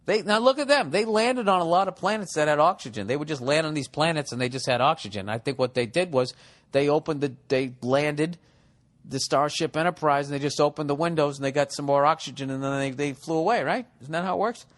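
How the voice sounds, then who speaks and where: A man's voice: on the high side, brisk. Male comedy podcast host, rambling and profane, sarcastic. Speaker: podcast host reading listener letters.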